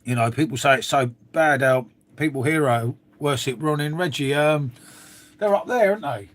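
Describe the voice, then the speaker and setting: A middle-aged man from England chats casually with viewers on a live stream, swearing freely and trailing off into asides as he rambles. His voice is a little high, his speed normal, with a slight hiss or hum in the audio.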